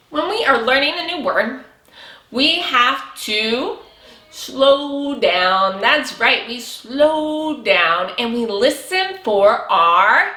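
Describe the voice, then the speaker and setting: A woman teaching young children to read, speaking slowly and cheerfully with lots of praise. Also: high-pitched, bright, forceful tone, echoey room. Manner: slow, exaggerated, encouraging teacher talk with praise. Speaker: preschool teacher. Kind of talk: early reading lesson for young children.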